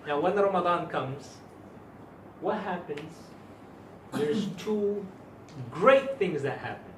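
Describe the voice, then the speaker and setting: A man with a somewhat high voice gives a religious lesson to his students, leaning hard on key words and firing questions at the class. He is picked up from a distance in a reverberant room. A faint hum of ambience sits underneath. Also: lively intonation, slow pace. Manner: emphatic, quizzes students with rhetorical questions. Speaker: Islamic teacher. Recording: echoey room recorded from afar.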